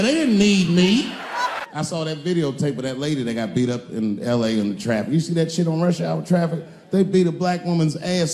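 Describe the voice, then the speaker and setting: A man in his forties doing stand-up comedy on a stage, animated, shouting punchlines and acting out voices. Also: a little high, echoey room. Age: 40s. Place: comedy stage before a live audience.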